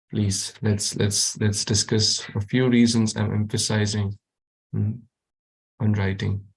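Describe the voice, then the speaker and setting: Low gravelly guy teaching kids online, keeps repeating questions, pretty flat. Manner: encouraging, asks questions, repeats himself. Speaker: youth class teacher. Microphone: video call.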